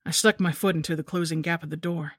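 A woman's voice: low-pitched, steady tone, fast, no room sound, clean studio sound. Woman narrating a somber horror story.

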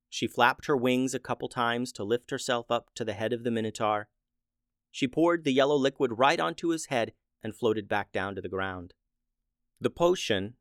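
A man narrating a children's adventure story in a steady, plain way. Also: mid-range voice, clear, resonant tone, no echo, studio quality.

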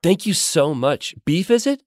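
An oily, overly friendly self-help pastor, played by a man, who stretches his words like a salesman. His pitch rises and falls in wide swings, and the sound is dry and close-miked. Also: expressive, unhurried, no room sound. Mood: smarmy. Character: smooth-talking charismatic male self-help pastor. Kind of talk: improvised comedy role-play.

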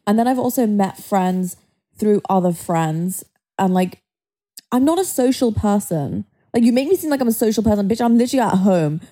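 A young woman with a warm, mellow voice co-hosting a casual podcast. She speaks bluntly and frankly, with offhand swearing. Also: mid-range voice, animated, moderate pace. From Dubai. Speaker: podcast co-host. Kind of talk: casual chat.

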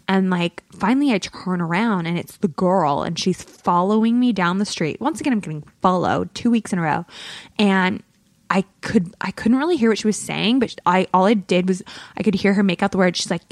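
A woman's voice: medium pitch, normal speed, no echo. Chatty woman on a dry mic. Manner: chatty storytelling, many fillers. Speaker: podcast co-host. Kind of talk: casual chat.

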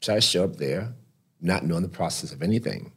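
A man guest on an interview podcast, telling animated stories and acting out the voices of others. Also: sits low, fairly quick, husky. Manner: animated, acts out every voice in his stories. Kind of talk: storytelling in conversation. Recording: podcast studio mic.

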